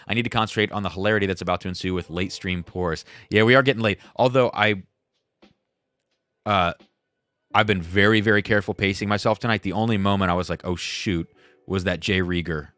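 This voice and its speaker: Deep-voiced man chatting on a livestream. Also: quick pace, fairly bright tone, no room sound. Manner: rambling, self-deprecating, reads viewer chats aloud. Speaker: livestream host. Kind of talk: casual livestream chat.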